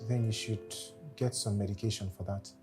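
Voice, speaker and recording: An actor playing a reserved Nigerian boss who speaks in a calm, measured way. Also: male voice, music in the background, close to an everyday voice. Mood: concerned. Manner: calm, measured, low-key. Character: reserved man, a caring boss. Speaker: boss and brother. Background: film score.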